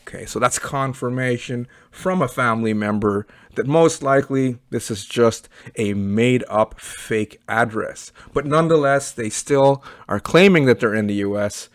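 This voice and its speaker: A man with a Canadian accent walks through a casual screen-share review, chatty and blunt. He keeps checking in with his audience as he goes. His voice sits at an ordinary middle pitch, recorded close and dry with no room sound. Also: no echo. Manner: chatty, blunt, leans on "okay" and "right?". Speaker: online business reviewer.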